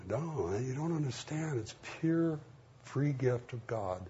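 With a warm, mid-range voice, a middle-aged preacher takes his time and stays animated as he tells stories during a folksy, conversational sermon, voicing the people in them. Faint hiss runs under the dull, lo-fi audio.

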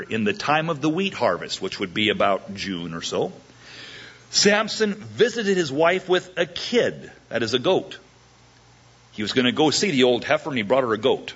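A man preaching verse by verse, joking and acting out the characters' lines in a lively way. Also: mid-range voice, breathy edge, dull audio. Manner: animated, jokey, acts out the characters' lines. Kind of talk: verse-by-verse sermon.

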